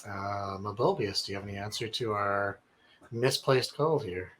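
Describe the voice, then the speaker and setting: A man's voice: lowish voice, moderate pace, fairly bright tone, slight background noise. A man hosting a casual call-in advice show, laughing often as he reads listener emails aloud. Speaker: talk show host. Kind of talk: casual comedic call-in chat.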